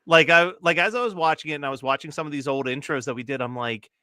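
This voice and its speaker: A man's voice: on the high side, fast, pushed and bright, clean tone, no room sound, studio quality. A man in his late thirties, co-hosting a casual chat and telling a long story full of fillers and laughs. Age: late 30s. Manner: rambling storyteller, many fillers, laughs often. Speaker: co-host.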